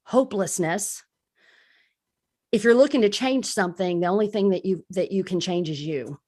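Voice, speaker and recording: A woman's voice: medium pitch, a little fast, darkish tone. A woman speaking in a candid, self-deprecating way, giving a casual recovery talk on a live stream as a crisis support speaker.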